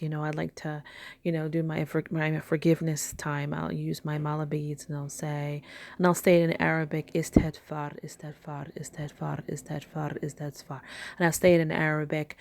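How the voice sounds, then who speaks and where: Soft-spoken woman with a low, gravelly voice. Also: completely flat delivery, brisk, dry recording. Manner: rambling, soft-spoken, drifts into whispers. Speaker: spiritual teacher. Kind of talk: casual spiritual talk.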